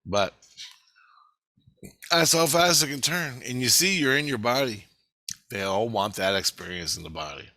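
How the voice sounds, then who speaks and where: A man's voice: mid-range voice, animated, moderate pace, long pauses, sharp tone, no room sound. A middle-aged man in an agitated, rambling vlog monologue, swearing heavily.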